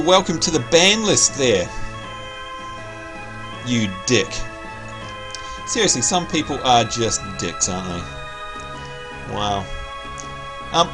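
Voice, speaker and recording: Excitable Australian man streaming a game. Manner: excitable, jumps into high squeals of delight. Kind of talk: live gameplay commentary. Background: faint game music.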